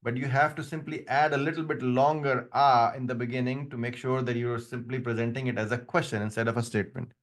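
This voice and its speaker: A man's voice: medium pitch, fairly even intonation, a little fast, hardly any pauses. A man who speaks English as a second language, teaching an Arabic grammar class and explaining patiently with frequent restarts. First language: not English; another language first. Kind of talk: online class lecture.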